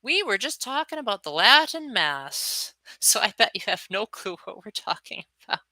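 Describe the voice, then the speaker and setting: A woman's voice: medium pitch, big pitch swings, moderate pace, bright, forceful tone, no room sound, low-quality recording. Chatty young woman hosting a livestream. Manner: chatty, answers viewers' chat, acts out quotes. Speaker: livestream host. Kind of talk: casual livestream chat.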